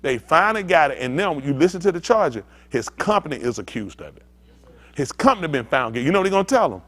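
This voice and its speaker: Animated preaching pastor, man. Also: fairly high pitch, fast. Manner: animated, rousing, talks back and forth with the congregation. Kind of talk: preaching to a congregation.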